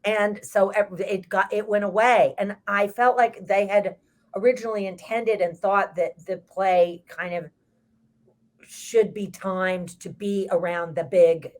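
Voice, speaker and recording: A woman's voice: medium pitch, steady tone, unhurried. An older woman with a Texas accent, a stage actress telling rambling stories in a casual chat. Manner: chatty, rambling storyteller.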